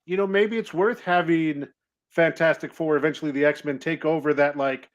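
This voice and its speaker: A man's voice: fairly high pitch, fairly even intonation, moderate pace, lo-fi sound. A man co-hosting a live podcast, speculating thoughtfully at length. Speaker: podcast co-host. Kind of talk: live podcast chat about films.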